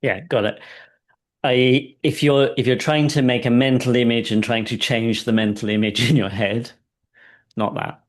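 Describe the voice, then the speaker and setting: A man coaching a client through a guided session, speaking calmly and checking in often with "right?". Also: mid-range voice, moderate pace. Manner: calm and soft-spoken in guidance, animated when telling stories; frequent "right?" check-ins, laughs between points.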